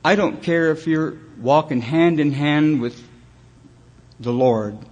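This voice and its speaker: A man speaking as a bitter older father, a hunter who answers him with gruff, seething, blunt threats while telling the story. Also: fairly high pitch, slow, a little mellow, dull audio. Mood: seething anger.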